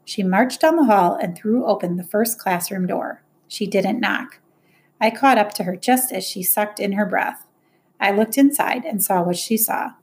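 A woman reading a first-person novel aloud in plain, measured storytelling. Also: medium pitch, a little mellow, breathy edge. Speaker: audiobook narrator. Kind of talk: first-person audiobook narration.

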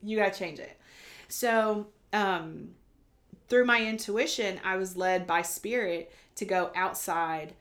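A woman guest on a podcast, a medium telling stories in a casual, animated way and acting out the voices she quotes. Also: medium pitch, slow pace. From United States.

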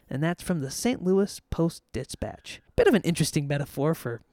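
A man's voice: fairly high pitch, big pitch swings, normal speed, few pauses, darkish tone, no echo, clean studio sound. Wry man narrating a podcast story. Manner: wry, joking asides. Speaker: podcast host.

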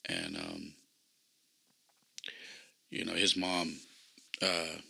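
A man's voice: deep voice, big pitch swings, very slow, gravelly, bright, forceful tone, breathy edge. A man hosting a podcast and reflecting earnestly on his coaching, telling a personal story. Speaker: podcast host and youth baseball coach.

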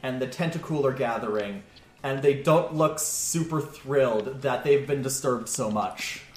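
A man running a tabletop game, narrating the scene in a lively, descriptive way. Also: medium pitch, a little slow, reverberant, slight background noise. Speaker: game master.

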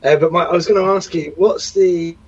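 A man's voice: high voice, steady tone, brisk, darkish tone, slightly rough, dull audio. A man hosting a casual podcast chat, rambling and self-deprecating. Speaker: podcast host.

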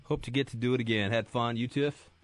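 A man's voice: medium pitch, steady tone, quick pace, no echo. A man filling in as host on a sports radio show, chatting casually in a joking, rambling, self-deprecating way at a studio mic. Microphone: studio microphone.

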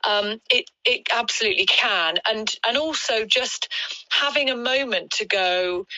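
A woman's voice: on the high side, unhurried, sharp tone, dry recording, rough recording. A woman being interviewed as an athlete, chatting casually and laughing often, speaking from her bedroom. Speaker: interview guest, endurance athlete.

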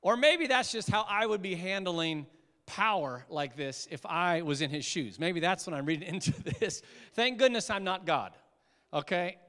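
A man's voice: high voice, lively intonation, normal speed, a bit bright. A man preaching as a pastor, mixing prayer and sermon, earnest and repeating his phrases in rhythmic appeals. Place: church sanctuary. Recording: long reverb of a large hall.

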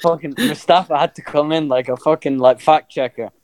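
A young man telling stories on a casual podcast, animated, swearing freely and laughing as he talks. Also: on the high side, a little fast, poor audio. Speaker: podcast co-host. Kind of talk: casual storytelling chat.

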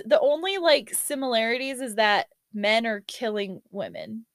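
A woman's voice: on the high side, sing-song, moderate pace, no room sound. A woman hosting a casual chat, swearing and laughing, who also reads a scary story aloud. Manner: profane, laughing, chatty. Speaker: podcast host.

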